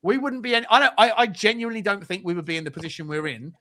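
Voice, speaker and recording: A man hosts a football chat show. His voice sits a little high and sounds bright and forceful. He talks in quick, animated bursts of banter and often doubles back on his words. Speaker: podcast host.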